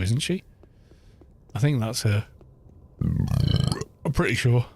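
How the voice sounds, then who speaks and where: A middle-aged British man streaming a game from home, drifting from one story to the next at an unhurried, leisurely pace. His voice sits in an ordinary middle pitch and his talk is loose and rambling, with the odd casual swear word. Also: darkish tone, no echo. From Britain. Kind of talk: casual chat while gaming.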